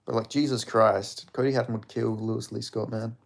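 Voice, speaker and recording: A young man hosts a live fight watch-along, chatting casually with viewers. His medium-pitched voice is brisk and flat, with vocal fry. Swearing comes often, as do jokes with chat and lots of laughter.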